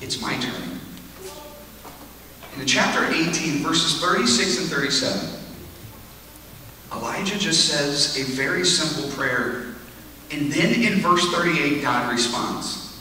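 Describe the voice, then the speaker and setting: A man preaching at a camp retreat, telling a Bible story in a lively, conversational way. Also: on the high side, a little slow, a little hiss or hum. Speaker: retreat speaker. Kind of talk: sermon. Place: large hall at a lake camp retreat. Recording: echoey hall, speaker far from mic.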